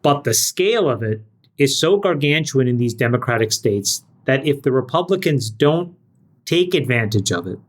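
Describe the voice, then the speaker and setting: A man co-hosting a podcast panel, making his points in an emphatic, measured way. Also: mid-range voice, expressive. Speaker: podcast co-host. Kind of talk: casual panel chat.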